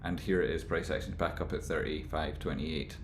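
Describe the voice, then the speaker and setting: A man rambling through casual stock market commentary, with animated, exasperated rants. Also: very deep voice, a little fast, echoey room, noisy background.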